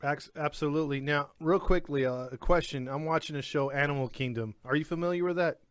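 A man's voice: a little high, brisk, smooth, dry recording. A man hosting a casual interview over a video call, chatty and friendly. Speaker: host.

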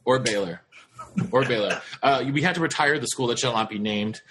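A man hosting a casual sports podcast, rambling with lots of fillers and halting restarts. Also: mid-range voice, a bit bright, husky. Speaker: podcast host.

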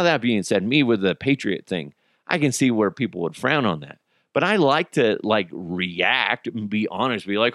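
A man hosts a casual solo podcast, ranting about movie theaters in studio-quality audio with no room sound. He's animated, swears, laughs at his own stories, and acts out bystanders in high voices.

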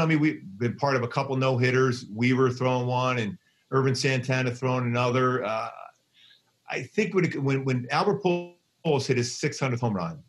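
A middle-aged man with a Philadelphia accent, talking as a guest in a casual interview. He tells stories excitedly, often restarting his sentences. His voice sits at an ordinary pitch. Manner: excitable storyteller, frequent restarts. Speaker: baseball broadcaster, guest.

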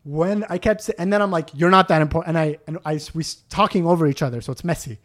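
A man casually telling a story, animated and re-enacting the scenes, with lots of fillers like "dude". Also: on the high side, quick pace.

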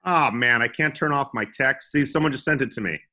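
A man's voice: mid-range voice, fairly quick, music in the background. A young man co-hosting a comedy podcast, joking around and slipping into silly voices. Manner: goofy, puts on silly voices. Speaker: podcast co-host.

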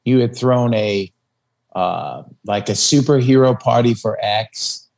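A man in casual podcast conversation who speaks in halting, reminiscing bursts. His words keep breaking off and restarting with fillers as he fondly recalls moments with friends. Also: medium pitch, creaky, a little mellow.

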